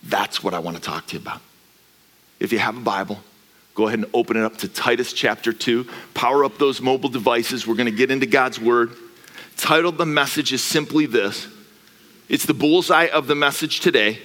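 A man preaching a sermon as a guest pastor, energetic and swinging from quiet asides to shouting. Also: medium pitch, moderate pace, big-room sound. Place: church sanctuary.

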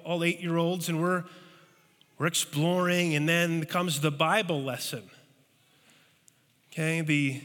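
A man preaching a sermon as pastor, telling stories with animated, acted-out voices. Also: high-pitched, in a large hall. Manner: animated storytelling, acting out scared voices.

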